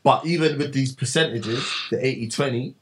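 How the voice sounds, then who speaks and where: A man, a music manager chatting as a podcast guest in a relaxed, measured way with local slang. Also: medium pitch. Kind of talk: casual podcast chat.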